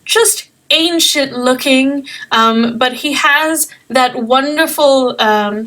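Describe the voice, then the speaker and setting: Young woman running a tabletop game; high voice, slow, chatty and giggly. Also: a bit bright. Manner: chatty, giggly, many ums. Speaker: game master.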